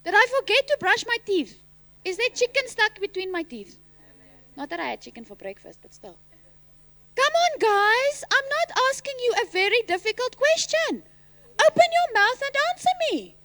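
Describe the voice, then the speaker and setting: A woman teacher leading a school assembly into a microphone, animated and teasing, quizzing the pupils and calling out loudly at times. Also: very high-pitched, moderate pace.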